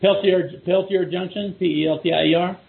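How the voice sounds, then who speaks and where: Texan man, middle-aged guest, gravelly, rambling with restarts, phone-thin audio. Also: high-pitched, steady tone, fairly quick, phone-quality sound. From Texas. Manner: rambling, many restarts and repeated words. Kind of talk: casual chat over a call.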